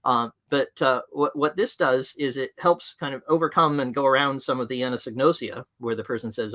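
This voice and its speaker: A man's voice: mid-range voice, steady tone, fairly quick, hardly any pauses, pushed and bright. A man presenting a live webinar, speaking frankly and directly to his audience. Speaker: livestream presenter on management.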